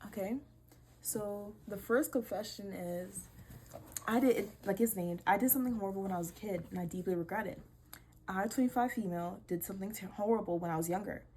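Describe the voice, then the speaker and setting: A young woman hosting a casual vlog, reading posts aloud and reacting with animated disbelief and swearing. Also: mid-range voice, fairly quick. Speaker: video creator.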